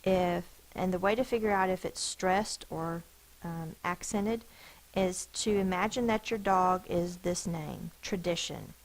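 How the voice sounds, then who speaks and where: A woman teaching a phonics lesson, slowly sounding out each letter and syllable of spelling words. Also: lowish voice, low-quality recording. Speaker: elementary school teacher.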